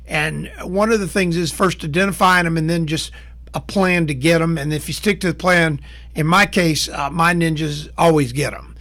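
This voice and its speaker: A sales trainer with a slightly high, somewhat bright voice gives an instructional talk to camera. He teaches in a plain-spoken, folksy way, walking through steps and acting out short exchanges.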